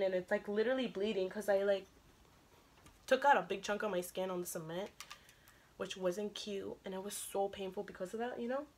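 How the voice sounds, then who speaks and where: Young female vlogger, chatty storyteller who acts out quotes, mid pitch. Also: a bit bright. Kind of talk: casual storytelling.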